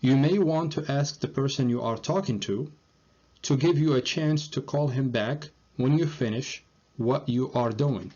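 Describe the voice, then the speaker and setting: A man's voice: medium pitch, warm tone, slightly rough. Moroccan man teaching English, lo-fi. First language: Moroccan Arabic. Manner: slow, careful reading of model sentences, frequent "okay?" checks. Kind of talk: language lesson, switching between English and Moroccan Arabic.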